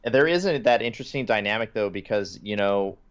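On a casual podcast, a male co-host with a lowish, expressive, smooth voice talks briskly, retelling cartoon scenes and quoting lines with little laughs. The lo-fi audio sounds slightly dull.

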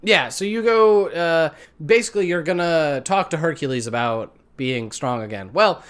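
A man chats casually as a podcast co-host. He recaps with a sarcastic edge and laughs often, his voice sitting a bit high and moving animatedly up and down. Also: animated, moderate pace, fairly bright tone, clear, resonant tone.

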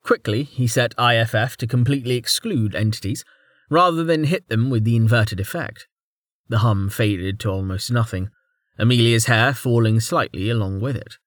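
A man narrating a fantasy audiobook with expressive storytelling. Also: mid-range voice, moderate pace, no room sound, clean studio sound. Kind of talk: scripted narration.

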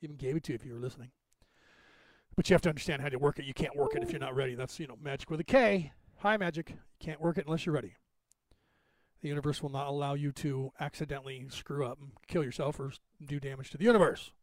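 Man, podcast host, rapid rambling monologue, slightly high voice, dry close sound. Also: no room sound. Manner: rapid, talkative, digressive.

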